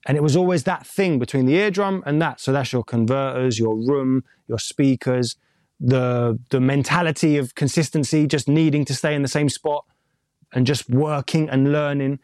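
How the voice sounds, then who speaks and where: In a dry, clean studio recording, a mix engineer and music producer from London talks at normal speed in a mid-range, slightly mellow voice. He's candid and rambling in this casual interview, dropping swear words casually.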